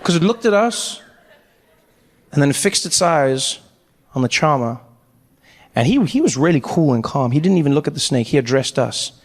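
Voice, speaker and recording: Animated male stand-up comic, high voice. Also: moderate pace, long pauses, in a large hall. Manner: animated, acts out every character. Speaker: stand-up comedian. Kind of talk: stand-up comedy storytelling.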